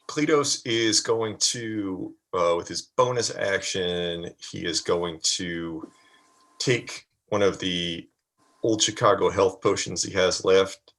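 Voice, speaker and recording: A man playing in a tabletop game, describing his moves in a relaxed, halting way. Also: low voice. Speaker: player. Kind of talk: casual tabletop play.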